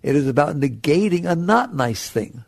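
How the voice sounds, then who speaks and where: Earnest man with a gravelly voice. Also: a little high, big pitch swings, moderate pace, dry recording. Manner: earnest, full of rhetorical questions. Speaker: spiritual author and teacher. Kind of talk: spiritual talk to an audience.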